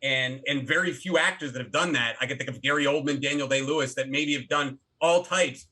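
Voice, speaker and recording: A middle-aged actor and filmmaker telling stories as a podcast guest, animated and full of restarts. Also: male voice, medium pitch, a little fast. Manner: animated storyteller with many restarts. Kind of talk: casual interview talk.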